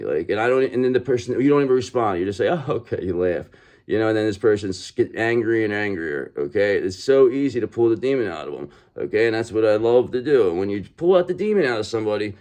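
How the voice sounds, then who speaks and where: Warm low-voiced man giving a tarot reading. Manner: animated, ends nearly every sentence with a checking "okay?"; blunt, swears freely. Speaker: tarot reader. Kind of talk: casual tarot reading to camera.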